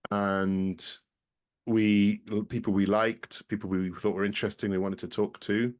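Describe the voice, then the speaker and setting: Self-deprecating lower-voiced man, podcast guest. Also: level tone, unhurried, a little mellow. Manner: self-deprecating, apologetic, rambling. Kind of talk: casual podcast chat.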